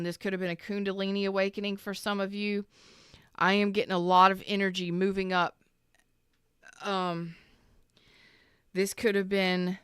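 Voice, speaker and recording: A woman's voice: medium pitch, fairly bright tone, clean tone, dry recording, clean studio sound. A woman giving a rambling, emphatic tarot reading, repeating herself for emphasis and swearing casually. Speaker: tarot reader. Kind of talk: spontaneous tarot reading monologue.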